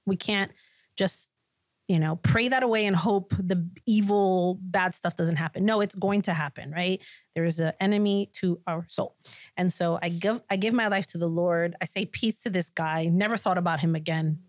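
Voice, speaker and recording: A woman pastor sharing a personal testimony in a podcast conversation, telling it with animated storytelling. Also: on the low side, normal speed, no echo, clean studio sound. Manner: animated storytelling, acting out quoted voices.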